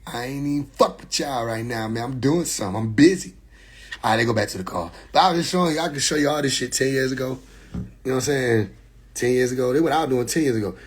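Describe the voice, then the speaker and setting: A man in his twenties ranting on a phone livestream, profane and mocking, breaking into laughter and shouts. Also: medium pitch, fast, husky. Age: 20s. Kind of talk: casual livestream rant.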